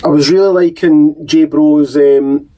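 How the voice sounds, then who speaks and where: A man's voice: fairly high pitch, steady tone, measured pace, warm tone. A man with a Scottish accent hosting a casual album-review chat, talking in a chatty way with hesitant restarts. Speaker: show host.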